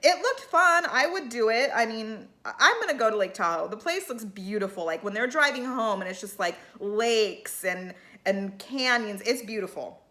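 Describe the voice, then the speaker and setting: A woman's voice: on the high side, lively intonation, normal speed, few pauses, bright, forceful tone. A woman giving a casual, opinionated recap of a reality show in a chatty way, full of fillers.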